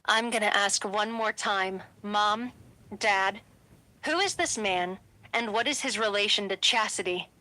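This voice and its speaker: A woman voicing a furious young male werewolf alpha who speaks in a sharp, commanding way. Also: mid-range voice, measured pace. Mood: angry.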